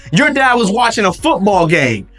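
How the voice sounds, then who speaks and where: A sweet, chatty Southern country mom, put on by a man in a high falsetto. Her voice is soft and breathy-high with a lazy Southern drawl. She gushes fondly and swings lively in pitch. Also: unhurried, soft background music, full character voice. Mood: frank. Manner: fond, gushing, dotes with "baby".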